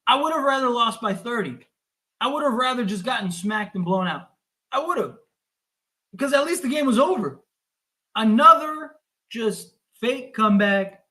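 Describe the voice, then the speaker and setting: A man hosting a sports livestream, fuming and exasperated as he rants and recaps the game, sometimes shouting. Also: very high voice, lively intonation, normal speed. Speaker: sports podcast host.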